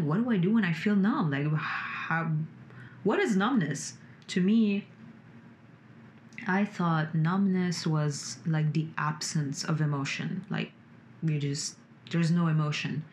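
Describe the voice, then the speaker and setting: A woman's voice: sits low, slight background noise. A woman vlogging about her emotions in a casual, rambling way, with plenty of "like" and swearing, sitting in a room lit by her computer. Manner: rambling, frequent "like" and swearing, expressive rises. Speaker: vlogger sharing personal growth. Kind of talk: casual spoken monologue.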